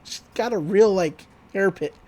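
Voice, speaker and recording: Podcast co-host from Texas, mid-pitched, loose and sweary, recapping a cartoon episode. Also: unhurried, darkish tone. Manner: rambling, profane, laughs often.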